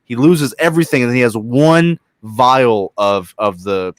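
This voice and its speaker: A man's voice: mid-range voice, unhurried, no room sound, clean studio sound. A man co-hosting a casual gaming stream, swearing freely and retelling story scenes with passion.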